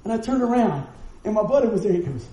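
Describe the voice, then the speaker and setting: A man's voice: high-pitched, big pitch swings, quick pace, mellow, roomy sound, poor audio. A man, a pastor preaching a conversational sermon full of rhetorical questions to his congregation. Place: church hall with congregation. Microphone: live stream mic.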